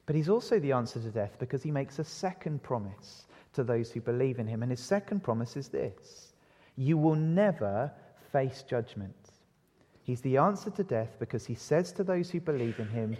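A man preaching an evening sermon, asking the congregation rhetorical questions and shifting pace and loudness for emphasis. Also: mid-range voice, lively intonation, moderate pace. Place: church. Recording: long reverb of a church hall.

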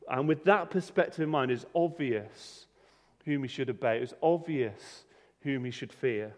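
A man preaching a sermon in a conversational way, often restarting and repeating words. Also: on the high side. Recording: reverberant hall.

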